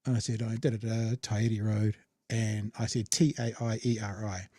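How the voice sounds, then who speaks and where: A man's voice: on the low side, flat delivery, brisk, warm tone, dry recording. Chatty New Zealand man, dry sound. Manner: chatty storyteller, self-deprecating. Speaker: podcast host. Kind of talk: casual chat.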